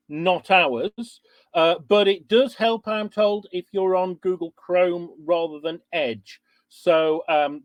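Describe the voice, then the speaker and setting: A man with a higher-than-usual voice hosts an online webinar, talking in a chatty, informal way as he welcomes people. He speaks over a video call, and the sound is dry and close. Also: no room sound. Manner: chatty and informal, reading out attendees. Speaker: webinar host.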